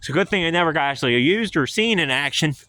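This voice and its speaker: A man's voice: fairly high pitch, animated, fast talker, pushed and bright. A man from central Pennsylvania giving a casual, joking walking-tour vlog outdoors on a hill. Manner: chatty, joking, loosely rambling. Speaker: history vlogger. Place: outdoors on a hilltop park.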